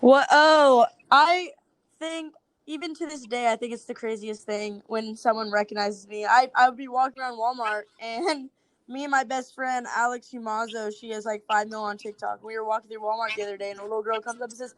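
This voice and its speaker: High-voiced woman chatting with lots of "like". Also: steady tone, brisk, dry recording. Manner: chatty, heavy use of "like". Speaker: social media creator guest. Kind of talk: casual podcast chat.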